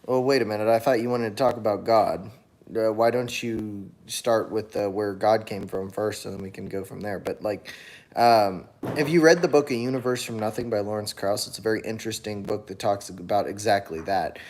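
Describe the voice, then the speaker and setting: A young man hosts a casual livestream and answers viewers' comments as they come in. He talks in a relaxed, rambling way, full of fillers, false starts and self-corrections. At times a small child cries somewhere in the home behind him. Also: fairly low pitch, moderate pace. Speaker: livestream host reading chat. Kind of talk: casual chat. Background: a small child crying at times.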